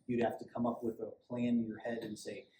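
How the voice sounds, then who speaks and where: A middle-aged police sergeant gives a loose, conversational safety training talk to a small group, acting out little quotes along the way. His mid-range voice is mellow and brisk with a flat delivery, recorded in an echoey room on a distant mic with faint hiss.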